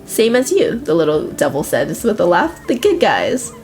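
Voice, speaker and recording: A woman's voice: lowish voice, huge pitch swings, moderate pace, darkish tone, faint music behind. A woman voicing a tiny, smug red male devil in a video game, chatty and self-serving, who complains at length.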